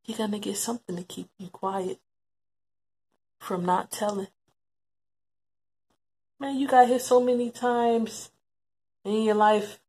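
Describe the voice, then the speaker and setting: Slow, husky-voiced woman giving testimony. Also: medium pitch, steady tone, warm tone. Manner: reflective, repeats phrases for emphasis. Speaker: interviewee recalling her brother. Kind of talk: emotional personal testimony.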